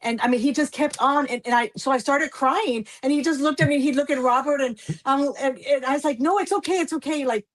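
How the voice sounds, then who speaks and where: Woman guest singer from Texas; effusive, emotional, quick to laugh at herself, voice sitting a little high. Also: fairly even intonation. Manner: emotional, effusive, self-deprecating. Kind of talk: casual radio interview.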